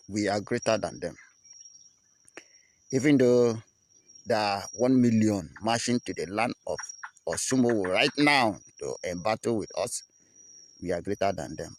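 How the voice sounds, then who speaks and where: A man with a Nigerian accent addresses his listeners in a low-pitched voice. He preaches with fervour and a chanting, repetitive cadence. Faint noise hangs behind him. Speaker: activist broadcaster. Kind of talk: impassioned broadcast address.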